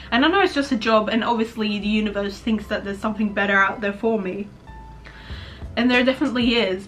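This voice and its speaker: A woman's voice: mid-range voice, fairly bright tone. A young adult woman vlogging candidly about her life, rambling and swearing casually. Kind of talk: candid personal vlog talk.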